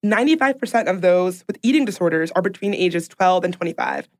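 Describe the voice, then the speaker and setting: A woman's voice: on the low side, animated, a little fast, darkish tone. A woman co-hosting a podcast in casual chat, reading out facts and growing emphatic and indignant. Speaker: podcast co-host.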